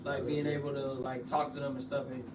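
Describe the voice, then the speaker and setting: A man's voice: medium pitch, brisk. A young man, a former college football player, telling stories animatedly in slang on a casual podcast. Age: young adult. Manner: animated slang storytelling, rises loud when excited. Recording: echoey room, mic at a distance, noise behind.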